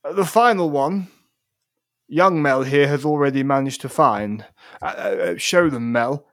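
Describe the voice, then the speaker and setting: A man's voice: mid-range voice, unhurried, no room sound, clean studio sound. A man running a tabletop game as game master, polite and a bit rambling.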